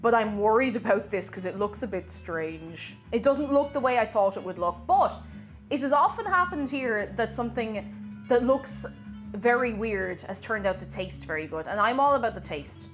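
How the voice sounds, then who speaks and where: A chatty woman hosting a live stream, her fairly high voice swinging up and down as she talks. She reads her viewers' messages aloud and breaks into bright exclamations. Soft music plays faintly behind her. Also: lively intonation, normal speed. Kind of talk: casual live-stream chat while tasting food.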